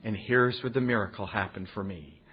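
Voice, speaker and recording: A man's voice: fairly low pitch, brisk. A man sharing his recovery story with a meeting audience, earnest and folksy, throwing in rhetorical "huh?" asides. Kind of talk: personal storytelling talk to an audience. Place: meeting room before an audience. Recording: muffled recording with faint background noise.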